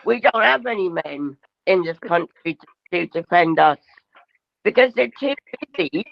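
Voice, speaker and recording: A woman's voice: on the low side, lively intonation, normal speed, gravelly, no room sound. A woman chatting casually, drawling and swearing, her thoughts meandering. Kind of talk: casual profane chat. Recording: dull lo-fi audio.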